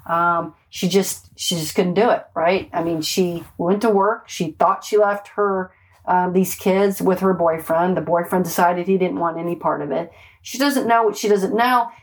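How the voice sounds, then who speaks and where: Here a woman homicide detective, lowish in pitch and moderately paced, tells conversational tales from her time on the street. She swears, stays emphatic and animated, and keeps dropping "right?" and "like" into her sentences.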